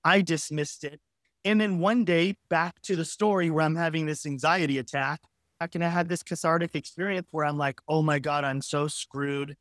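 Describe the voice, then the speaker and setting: A man in his forties tells his story to an interviewer frankly and with energy, swearing casually as he goes. His voice sits fairly high for a man. The sound is dry and close, with no room echo. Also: normal speed. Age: 40s. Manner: frank, animated, casually profane. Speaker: guest. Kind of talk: candid storytelling in conversation.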